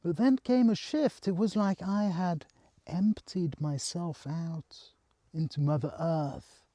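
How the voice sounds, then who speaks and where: A man telling a personal spiritual story in a soft, halting, earnest way. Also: high voice, dry recording.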